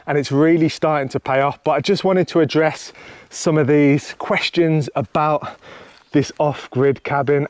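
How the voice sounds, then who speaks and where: Young male vlogger, slightly high voice, dry outdoor sound, eager and chatty. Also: a little mellow, no room sound. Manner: enthusiastic, chatty. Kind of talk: casual vlog to camera. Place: outdoors on a hillside.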